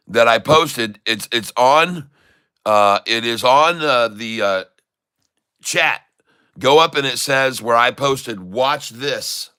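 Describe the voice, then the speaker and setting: A man's voice: mid-range voice, pushed and bright, clean tone. A man chatting to viewers on a live stream, calling out stock prices in runs and calling them folks. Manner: reads out price numbers in runs. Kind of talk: live-stream trading commentary.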